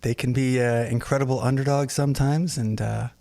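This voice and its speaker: A man's voice: medium pitch, steady tone, fairly quick, gravelly, dark tone, no room sound. Laid-back man with a dry close sound. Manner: laid-back, brief replies, rambling musings. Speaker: co-host, arena sound technician. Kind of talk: casual chat.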